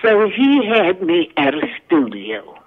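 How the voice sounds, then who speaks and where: A woman's voice: on the low side, very animated, slow, husky, phone-quality sound. An older woman, a guest actress and singer, telling stories from her career in a folksy, country-spoken way. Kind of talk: casual storytelling interview.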